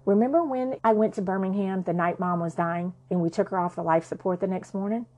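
A woman's voice: medium pitch, fairly quick, a little mellow. A woman narrating a personal story in a frank, conversational way, swearing freely.

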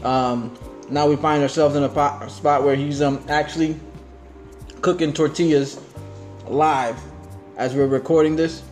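A man's voice: on the high side, flat delivery, unhurried, long pauses, a little mellow, faint music behind. A man hosting a casual podcast, talking in a laid-back, slangy way with lots of fillers while eating. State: talking with his mouth full. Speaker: podcast host. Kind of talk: casual chat.

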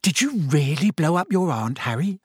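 A man lifts his voice to play a studious teenage witch, earnest and sharp, speaking fast and to the point. Her voice sits noticeably higher, and the sound is close and dry. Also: sing-song, no room sound. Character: earnest teenage boy, know-it-all witch. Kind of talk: audiobook character voice.

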